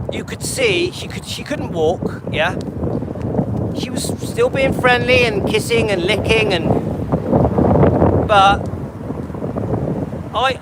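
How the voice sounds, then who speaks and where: A man's voice: high voice, very noisy. A man in his late fifties chatting casually on a livestream while walking his dog, rambling and talking to viewers by name. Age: 50s. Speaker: livestream host.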